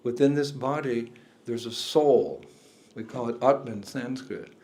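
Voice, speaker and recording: A man's voice: medium pitch, unhurried, darkish tone. An older man, a spiritual teacher, giving a talk indoors to a room of listeners, chuckling often and asking them questions.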